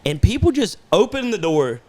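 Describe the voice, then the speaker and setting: Higher-voiced man in crude laughing banter. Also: sing-song, normal speed, darkish tone. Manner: crude, laughs often, tells stories in bursts. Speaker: podcast host. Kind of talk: casual chat.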